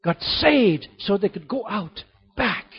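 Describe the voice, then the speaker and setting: A man with a high, husky voice preaches a sermon, animated and climbing to excited peaks as he drives each point home. The recording sounds dull and lo-fi. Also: slow. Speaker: pastor.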